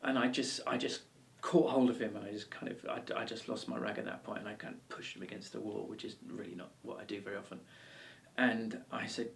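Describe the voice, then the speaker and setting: Brief: male ukulele teacher, gravelly voice, rambling and encouraging, recorded a little off-mic. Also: on the low side, fairly even intonation, fairly quick, distant mic, slight background noise. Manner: chatty, encouraging, with many ums and restarts. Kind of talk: casual video lesson and anecdote.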